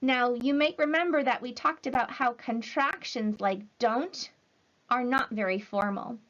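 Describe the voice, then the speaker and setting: A woman teacher giving a recorded language lesson to children, speaking slowly and clearly in an encouraging way. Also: on the high side, a bit bright. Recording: slightly dull lo-fi audio.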